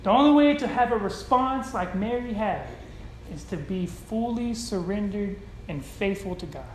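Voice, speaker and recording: A preacher giving a sermon to a congregation in a church hall, talking in a conversational style with casual slang and swinging between loud and soft. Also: mid-range voice, lively intonation, normal speed, slight background noise. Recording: roomy hall echo.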